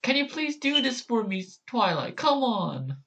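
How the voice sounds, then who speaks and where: A man's voice: extremely high pitch, big pitch swings, unhurried, creaky, a bit bright, lo-fi sound, a little hiss or hum, voice pushed up, full character voice. A man voicing a whiny young male dragon who pleads.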